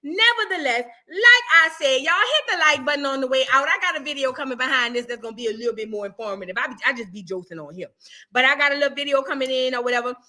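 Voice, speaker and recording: A woman with a high, bright voice talks straight to her viewers as the host of her channel. Her delivery is brash, profane and animated, full of loose banter. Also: fast. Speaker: YouTube reaction host. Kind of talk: casual chat to viewers.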